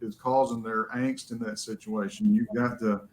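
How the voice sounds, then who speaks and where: A man speaks on a panel in an earnest way, coming back to the same point. His delivery is flat and low. A faint rumble sits under the recording. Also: normal speed, poor audio. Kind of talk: panel discussion.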